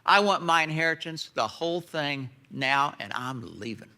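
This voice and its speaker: A broken young man mopes and pleads in a soft, deflated voice, as a preacher acts him out. His voice stays bright despite the lower delivery. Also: lively intonation, normal speed, exaggerated voice. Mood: demanding. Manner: mopey, pleading. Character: broken, sorry young prodigal son.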